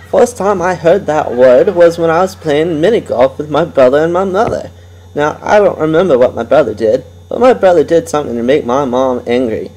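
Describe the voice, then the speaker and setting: A man's voice: fairly high pitch, a little mellow, low-quality recording. A man hosting a homemade comedy radio show, rambling and goofy and laughing at his own jokes. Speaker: host.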